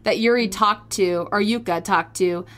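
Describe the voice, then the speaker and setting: A woman co-hosting a podcast, telling a story in casual chat, giggly and animated with lots of fillers. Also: medium pitch, normal speed. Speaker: podcast co-host.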